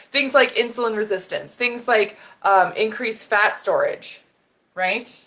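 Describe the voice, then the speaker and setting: A woman health expert giving an animated talk on camera, getting fired up and laughing as she explains while sketching on a board. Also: a little high, unhurried. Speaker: women's health and hormone expert. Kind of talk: educational video talk.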